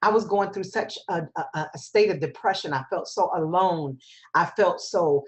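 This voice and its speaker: A woman's voice: fairly low pitch, moderate pace. A woman presenting a webinar, telling her own story in an earnest, emphatic way with many repetitions. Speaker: webinar presenter and public speaker. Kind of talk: personal testimony talk.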